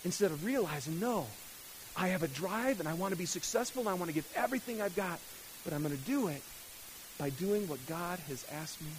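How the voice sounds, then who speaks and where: A man in middle age delivers a sermon with a notably high-pitched voice. He speaks emphatically, swinging between loud, urgent outbursts and quiet, hushed lines. A faint hiss runs under the recording. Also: low-quality recording. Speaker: pastor.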